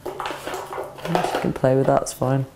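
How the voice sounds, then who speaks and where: Low-voiced woman teaching a dog. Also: takes it slowly, very noisy. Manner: calm, practical explaining, breaking into soft praise and commands to a dog. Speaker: dog trainer. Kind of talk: instructional demonstration. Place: indoors, training session with a dog.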